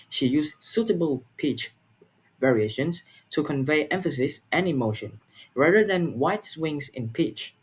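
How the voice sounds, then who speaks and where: A young man from Malaysia, giving a class presentation in an earnest, halting way, often repeating words and filling pauses. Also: on the high side, husky. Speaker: student presenter.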